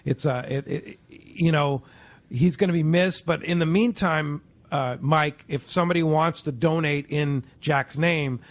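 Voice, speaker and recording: A man's voice: on the high side, a little slow. Man hosting a radio talk show.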